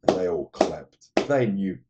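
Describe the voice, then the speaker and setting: A man's voice: low voice, lively intonation, lo-fi sound, heavy background noise. A man casually retelling a film plot, rambling and swearing, losing his thread now and then. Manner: acts out the characters' lines in quick impressions.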